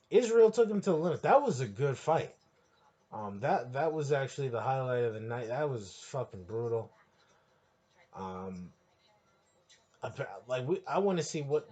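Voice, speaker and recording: A man with a husky, slightly rough voice hosts a podcast alone. He rants in a crude, heated way, rambling and restarting, and his voice keeps rising toward shouting. His pitch sits mid-range for a man. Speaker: podcast host. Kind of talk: profane solo rant.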